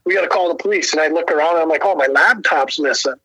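Male storyteller, higher-pitched and bright, casual and cussing, acts out the quotes. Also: quick pace, husky, no room sound, muffled recording. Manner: profane, animated, laughs often, acts out quotes.

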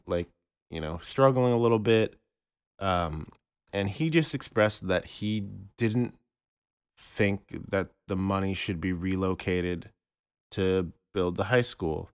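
Low-voiced man, hesitant casual chat. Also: clean tone, no echo, studio quality. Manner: halting, many fillers and restarts. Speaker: podcast co-host. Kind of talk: casual chat about art history.

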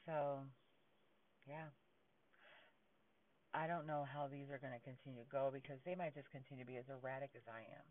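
A man's voice: medium pitch, steady tone, a little fast, long pauses. A man speaking a blunt, defiant personal monologue with some swearing. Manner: profane, defiant. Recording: distant tinny phone-like sound.

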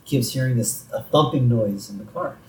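A man's voice: medium pitch, fairly quick, darkish tone. A man co-hosting a podcast, chatting casually about a cartoon episode, laughing often and quoting lines playfully. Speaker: podcast co-host. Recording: roomy echo.

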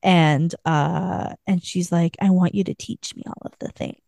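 A woman's voice: fairly low pitch, fairly even intonation, a little slow, gravelly, mellow, dry recording. A woman co-hosting a podcast, casually recapping a book in a rambling way with lots of filler words. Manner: rambling retelling full of "like" fillers. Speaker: podcast co-host.

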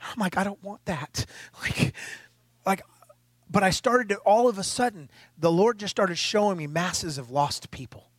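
A middle-aged male pastor with a notably high voice delivers a sermon in an emphatic, conversational way, throwing rhetorical questions at the congregation. At times he grows tearful and choked. The sound is dry and close, with no room around it. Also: a little slow, dry recording.

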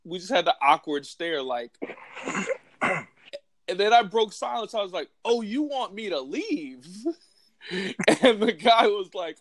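A man telling a wild story in casual chat, animated and laughing often, with crude slang. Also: high-pitched, slow, long pauses, no room sound.

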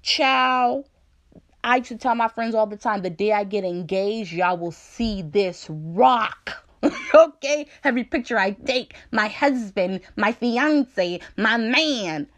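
A woman giving a personal devotional talk, candid and conversational, with playful asides and slow, deliberate scripture reading. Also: medium pitch. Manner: reads scripture slowly and deliberately. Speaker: speaker sharing a faith testimony.

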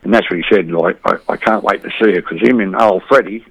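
Here the same kind of guest, a middle-aged Aussie boxing community volunteer, talks quickly in a husky, lowish voice, rambling and tossing "mate" into almost every line with blokey banter. The recording has no echo but is of low quality.

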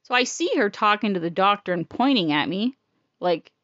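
A woman's voice: mid-range voice, lively intonation, normal speed, a bit bright, no echo, highs cut off. A woman telling a personal story in a casual, blunt, profane and emotional way.

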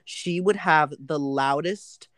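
A woman's voice: sits low, takes it slowly, no echo, studio quality. A young woman co-hosting a podcast, laughing and retelling school gossip in casual chat. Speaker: podcast co-host.

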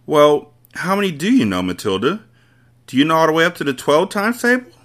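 A man voicing a kind young female schoolteacher who asks gentle, encouraging questions in a raised voice. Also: fairly high pitch, huge pitch swings, fairly quick, voice pushed up. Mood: coaxing.

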